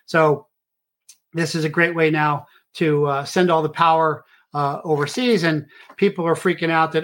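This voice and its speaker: Middle-aged man, slightly high voice, rambling host monologue heavy on fillers. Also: steady tone, moderate pace, a bit bright. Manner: rambling with many filler uhs. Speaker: show host. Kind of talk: casual monologue.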